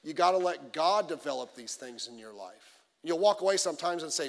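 A pastor preaching a midweek sermon in a conversational, animated way, acting out the quotes in his stories. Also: fairly high pitch, moderate pace, vocal fry. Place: church sanctuary. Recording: long reverb of a church hall.

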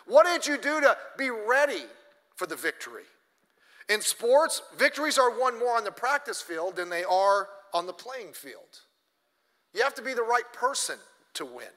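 Male pastor, high bright voice, lively storytelling sermon, coughs now and then, long church reverb. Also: moderate pace. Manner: storytelling, acting out characters' lines; blunt, joking asides.

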